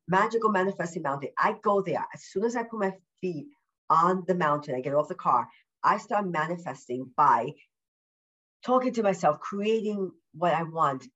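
An upbeat woman guesting on a podcast, bubbly and emphatic, doubling up her words. She keeps her pace slower than her usual rush, and her voice sits fairly low. The remote call sounds a little muffled and lo-fi. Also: a bit bright. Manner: deliberately slowed speech. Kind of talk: casual interview chat. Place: at home.

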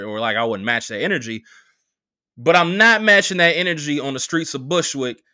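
A young man hosting a podcast, telling a story in a casual, profane, animated way and acting out the quotes. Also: medium pitch, dry recording, clean studio sound. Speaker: podcast host.

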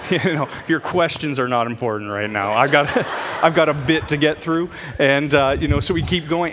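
A man telling a funny story from his own life in a sermon, self-mocking and animated. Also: on the high side, moderate pace. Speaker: preacher. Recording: hall reverb with faint background noise.

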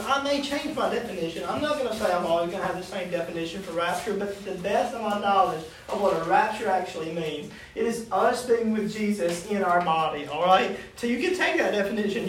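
High-voiced man teaching in an echoey room. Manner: conversational, asks the class questions. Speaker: youth Bible study teacher. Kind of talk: casual classroom teaching. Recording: echoey room, distant mic, faint noise.

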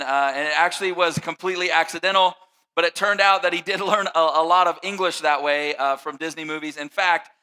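A man's voice: fairly high pitch, sharp tone, smooth, poor audio. A middle-aged father giving a talk on family life, telling stories in a casual way with lots of fillers and restarts. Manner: conversational storytelling with frequent fillers and restarts. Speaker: speaker.

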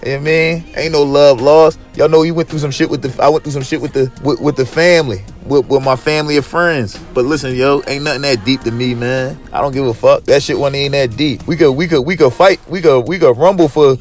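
A man's voice: mid-range voice, fairly even intonation, fairly quick, hardly any pauses, faint music behind. A man hosting his own podcast alone, talking to listeners in a loose, profane, hyped and rambling way. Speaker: podcast host. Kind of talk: casual solo podcast monologue.

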